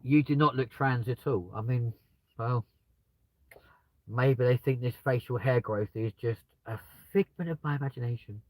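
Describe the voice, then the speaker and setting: Sitting in his car with the window down, a British live streamer chats casually, cracking jokes and laughing at his own expense. He speaks at normal speed in a mid-range voice. There's no echo, but the recording quality is low.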